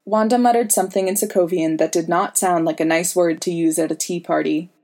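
A woman reads a story aloud in a calm, even way. Her voice sits low and sounds mellow and warm. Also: a little fast. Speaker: audiobook reader. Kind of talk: fan fiction audiobook narration.

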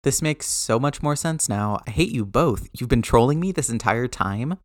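Guy doing a gushy young superhero kid, talks fast and excited, dry recording. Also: medium pitch, no room sound, close to an everyday voice. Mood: incredulous.

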